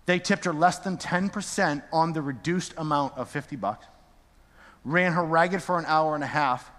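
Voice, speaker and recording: A man preaching a storytelling sermon, swinging from quiet asides to near-shouting. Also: a little high, moderate pace. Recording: echoey large hall.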